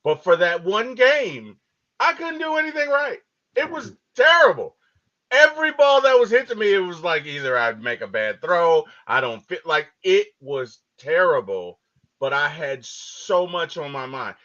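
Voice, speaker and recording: A man co-hosting a podcast, chatting casually about a movie and telling stories with lively acted-out quotes. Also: high-pitched, a little slow. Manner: animated storytelling, acts out quotes. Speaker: podcast co-host. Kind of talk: casual movie review chat. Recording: dull lo-fi audio.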